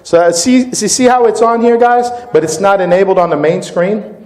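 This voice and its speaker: Upbeat CEO pitching in an echoey room. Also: male voice, normal speed, darkish tone. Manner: upbeat, informal, keeps addressing the crowd as "guys". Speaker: company CEO presenting to distributors. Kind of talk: live product demo and sales pitch. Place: meeting room with live audience.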